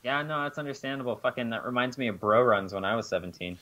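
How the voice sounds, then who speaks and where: A man's voice: mid-range voice, fairly even intonation, quick pace, sharp tone. A man co-hosting a podcast in a casual, wry way, reading listener comments, swearing casually and dropping jokey asides. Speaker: podcast co-host.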